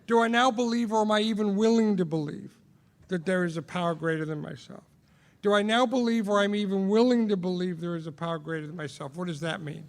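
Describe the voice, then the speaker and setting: A man with a fairly high voice talks through a recovery step in a personal sharing style. He asks himself questions out loud, repeats lines for emphasis and pokes fun at himself. His voice rings out with a long reverb, as in a hall. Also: fast talker, gravelly. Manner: rhetorical questions, self-mocking, emphatic repetition. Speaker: AA sponsor sharing on the steps.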